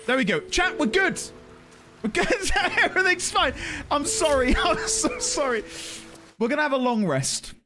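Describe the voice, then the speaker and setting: A male game streamer reacting excitably to gameplay, exclaiming often. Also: extremely high pitch, moderate pace, over music.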